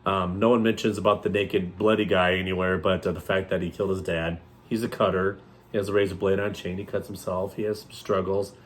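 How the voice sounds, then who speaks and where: A man co-hosting a horror movie review in casual chat, joking and rambling, with thoughts that trail off softly. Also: low voice, level tone, brisk. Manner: joking, jumps into loud playful outbursts.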